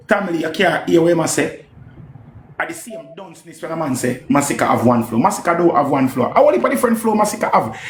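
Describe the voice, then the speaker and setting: Animated Jamaican man reacting to dancehall. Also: sits high, echoey room, a little hiss or hum. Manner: animated, repetitive, swears often, slips into patois. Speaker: music commentator. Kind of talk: casual live-stream reaction commentary.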